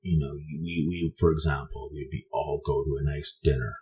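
A man's voice: a bass voice, fairly even intonation, moderate pace, mellow, a little hiss or hum. A man from Canada telling a personal story in a meandering, conversational way, often restarting his sentences.

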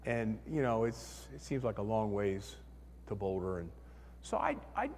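A man preaching a sermon as pastor, telling a story in an animated way and acting out the voices in his head. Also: lowish voice, measured pace, big-room sound, a little hiss or hum.

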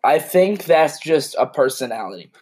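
A man's voice: a little high, sing-song, moderate pace, a little mellow, slightly rough. A young man co-hosting a casual podcast, rambling with lots of "like" and chuckling at his co-host. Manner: rambling, lots of "like" and restarts, easily amused. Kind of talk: casual chat.

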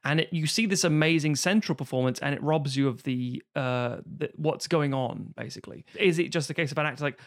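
A man's voice: medium pitch, steady tone, quick pace, vocal fry. A man co-hosting a podcast, talking casually and animatedly about acting, rambling and swearing freely.

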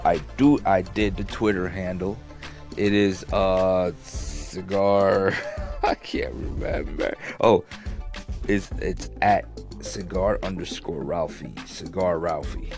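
Low-voiced man rambling a story. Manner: rambling, restarts often, curses freely, laughs at himself. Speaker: YouTube vlogger. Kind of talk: casual storytelling monologue.

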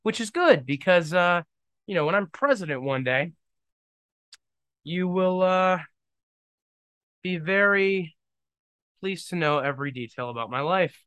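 A young man hosting his own podcast, thinking out loud in a rambling, self-deprecating and joking way. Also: sits high, animated, a little slow, pauses often, smooth, dry recording. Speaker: podcast host. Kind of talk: casual solo podcast monologue.

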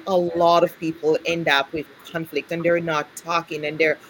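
A woman's voice: deep voice, little pitch movement, normal speed, slight background noise, rough recording. A woman hosting an interview, a conflict analyst and trainer who responds in an affirming, attentive way. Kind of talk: conversational interview.

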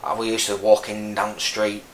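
A Burnley man in his thirties with a Lancashire accent, this army veteran speaks in a lowish, monotone voice at a moderate pace. He's a guest in a casual interview from northern England, telling his story frankly while rambling and restarting a lot. The recording has an echoey room and faint noise.

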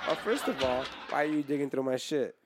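A man's voice: mid-range voice, lively intonation, a little fast, crowd noise, noisy background. A man hosting a podcast, telling a crude story in casual chat, swearing often and laughing as he goes. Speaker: podcast host.

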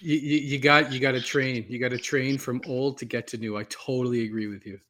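A man co-hosting a podcast in casual chat, joking and repeating words when excited. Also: mid-range voice, fairly quick.

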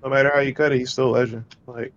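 A young man co-hosting a wrestling podcast, joking around in slangy, animated chat. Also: mid-range voice, very fast, dull audio. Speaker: podcast co-host. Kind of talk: casual chat.

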